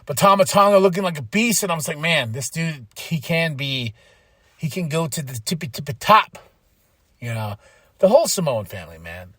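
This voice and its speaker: A man hosting a podcast, giving a casual, rambling recap of a show with frequent laughs and excited bursts. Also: a little high, moderate pace, slightly rough, no room sound, studio quality. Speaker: podcast host.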